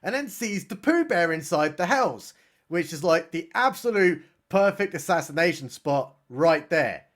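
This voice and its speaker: Brief: British male reviewer, high voice, snarky and theatrical, mocking a bad film. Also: sing-song, unhurried, a bit bright. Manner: sarcastic, mock-dramatic outbursts. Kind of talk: sarcastic comedic movie recap.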